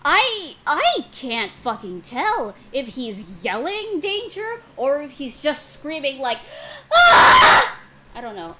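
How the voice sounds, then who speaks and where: Young woman, excitable reaction host; bright, higher-pitched, unhurried delivery with lots of swearing. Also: a little hiss or hum, rough recording. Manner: excitable, swears a lot, gasps and exclaims. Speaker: YouTuber reacting to a comic dub. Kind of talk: casual reaction commentary.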